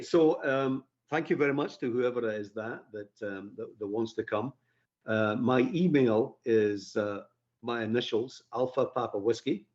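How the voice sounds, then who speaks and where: Husky British-spoken man, chatty guest. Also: mid-range voice, darkish tone, dull audio. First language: British English. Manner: chatty, rambling, laughs easily. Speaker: firearms instructor, guest. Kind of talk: casual live podcast chat.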